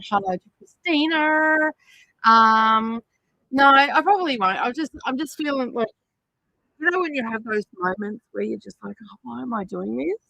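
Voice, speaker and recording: Chatty woman with a gravelly, bright voice. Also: medium pitch, dry recording, low-quality recording. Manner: chatty, rambling, many fillers. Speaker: livestream host. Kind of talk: casual chat while crafting. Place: home craft studio.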